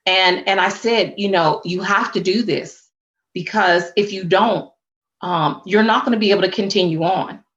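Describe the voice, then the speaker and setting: Earnest woman coach talking slow and reflective, muffled audio. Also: mid-range voice, fairly bright tone. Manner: earnest, flowing, faith-tinged phrasing. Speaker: spiritual coach and guest. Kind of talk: reflective interview talk.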